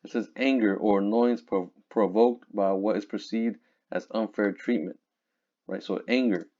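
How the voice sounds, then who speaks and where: Low-voiced man teaching scripture casually. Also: fairly even intonation, warm tone. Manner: casual, reads verses slowly, looks up words aloud. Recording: dull lo-fi recording.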